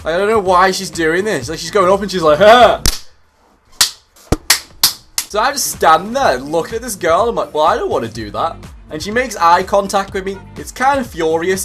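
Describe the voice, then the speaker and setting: A man's voice: high-pitched, fast, soft background music. A young British man in his twenties, telling a story to camera in a casual, profane, comedic way. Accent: British English. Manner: profane, animated, comedic exaggeration. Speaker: YouTuber.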